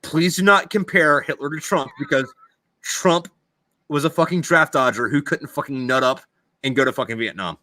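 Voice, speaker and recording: A man hosts a podcast in a loud, heated rant, piling on swear words and tripping over his own restarts. His voice sits a little high and sounds bright and forceful, recorded close and dry with no room sound. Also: normal speed, no room sound. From United States. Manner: profane heated ranting with stammered restarts. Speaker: podcast host. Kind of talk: casual podcast chat.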